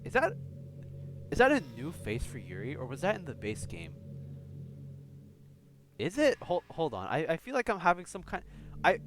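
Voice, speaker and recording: Rambling, self-mocking gaming host. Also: male voice, fairly high pitch, wildly swooping pitch, moderate pace, long pauses. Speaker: let's-play host. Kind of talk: casual game commentary. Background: game music.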